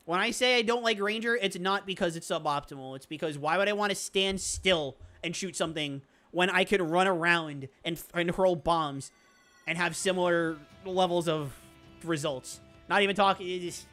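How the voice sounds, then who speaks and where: Animated, bright-voiced speedrunner rambling over gameplay. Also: mid-range voice, soft background music. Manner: excitable, rambling, quick laughs. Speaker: speedrunner streamer. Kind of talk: casual gameplay commentary.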